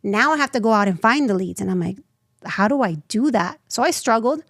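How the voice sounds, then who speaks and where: Animated woman telling her story. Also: a little high, a little fast, no room sound. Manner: animated, acts out quoted voices. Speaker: nonprofit founder, podcast guest. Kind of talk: casual interview storytelling.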